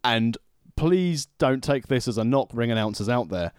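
A man's voice: medium pitch, expressive, normal speed, darkish tone, smooth, dry recording, studio quality. A man co-hosting a podcast in casual chat, full of wry banter and joking asides. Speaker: podcast co-host.

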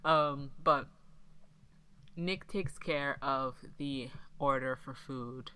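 Very low-voiced, slow-talking woman. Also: smooth, low-quality recording. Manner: laughs often, animated retellings. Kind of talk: casual chat recapping a film.

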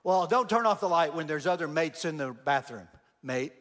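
A man speaking as a gruff Australian man, blunt and cussing at first, later broken. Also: a little high, animated, normal speed, a bit bright, in a large hall. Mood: angry.

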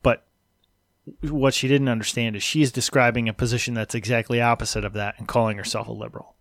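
Regular-voiced guy on a podcast calmly breaking down a debate, quotes both sides pretty flat, dry sound. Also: mid-range voice, no echo. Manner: measured, analytical retelling, quoting dialogue in a flat tone. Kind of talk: casual chat recounting a video.

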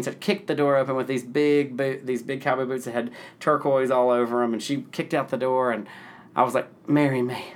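A man in his thirties from the Nashville area tells stories in a loose, rambling way as an interview guest. He gets excited easily and laughs as he talks, and his voice sits at an ordinary middle pitch for a man. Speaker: event planner, interview guest. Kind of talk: casual storytelling interview.

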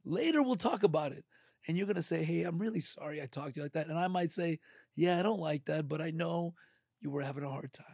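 A middle-aged man in casual podcast chat, animated and acting out quoted voices. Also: a little high, fast, creaky, no room sound, clean studio sound.

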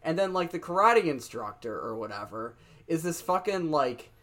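Man, podcast co-host, casual chat, bright, forceful tone, swears freely. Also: on the high side, moderate pace. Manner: animated storytelling, swears freely.

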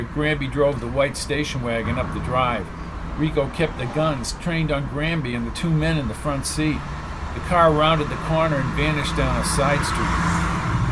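A man narrating an audiobook novel in a steady, measured way. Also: medium pitch, background noise.

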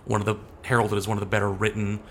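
A man's voice: lowish voice, level tone, very fast, gravelly, a little hiss or hum. A young adult man talking casually as an interview guest, rambling and hesitant, often restarting his sentences.

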